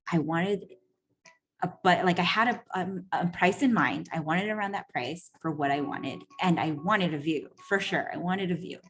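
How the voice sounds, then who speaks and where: A woman coach talks straight to her listeners in a loose, swearing monologue. Her voice sits a little low, and she fills her sentences with "like" and "right?" as she acts out what people said. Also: slight background noise. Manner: chatty and profane, full of "like" and "right?"; animated, acts out quoted voices. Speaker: personal growth coach. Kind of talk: casual storytelling monologue.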